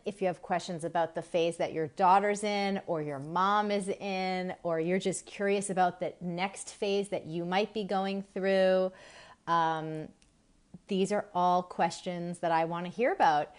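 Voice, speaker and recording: A woman's voice: lowish voice, a little mellow. A woman from Massachusetts in her forties, hosting a live stream on women's health, chatting and laughing as she greets viewers by name.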